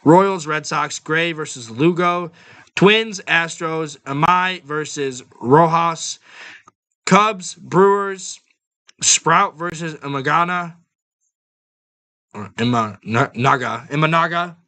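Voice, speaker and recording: A man's voice: on the high side, takes it slowly, sharp tone. A man hosting a sports podcast, talking bluntly and offhandedly like a fan. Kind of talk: casual sports podcast talk.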